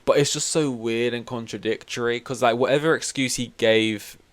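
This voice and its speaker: A man's voice: mid-range voice, steady tone, normal speed. A young man hosting a podcast, rambling through a casual football chat with sweary, wry complaints. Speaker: podcast host.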